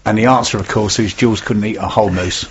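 A man's voice: on the low side, steady tone, fast talker, a little hiss or hum. A man hosting a local business radio show, in jokey, rambling, upbeat banter. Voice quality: husky. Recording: dull lo-fi radio recording.

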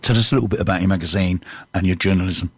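A man's voice: low voice, fairly even intonation, very fast, husky, dry recording. A man hosting a podcast, chatty and jokey, telling stories and asking questions. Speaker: podcast host. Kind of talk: casual podcast conversation.

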